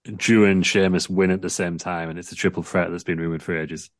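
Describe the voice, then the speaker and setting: A man's voice: steady tone, brisk, dry recording, clean studio sound. A British man chatting casually about wrestling as a podcast co-host, acting out wrestlers' lines with laughs. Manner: acts out wrestlers' lines in big high voices, laughs often.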